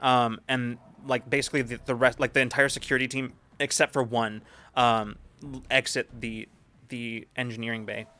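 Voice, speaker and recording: A man's voice: mid-range voice, flat delivery, normal speed, bright, forceful tone. A man narrating as game master of a sci-fi tabletop game, describing scenes in a rambling way with many restarts.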